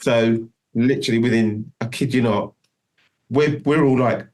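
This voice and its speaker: A man's voice: mid-range voice, normal speed, a little mellow. A middle-aged man telling a long story in a casual interview, rambling and restarting often. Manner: rambling, full of restarts and "do you know what I mean". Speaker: guest musician.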